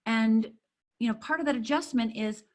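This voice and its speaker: A middle-aged woman coaching and teaching, talking in an animated way and acting out little scenes. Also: normal speed. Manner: animated, acts out a crying baby in a high voice. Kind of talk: teaching talk.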